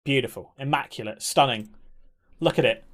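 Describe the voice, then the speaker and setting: A young man talks loosely to his stream chat, reacting to what viewers send and breaking into laughs. His voice sits at an ordinary middle pitch for a man. The talk is relaxed and unscripted. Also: normal speed. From England. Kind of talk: casual live-stream chat.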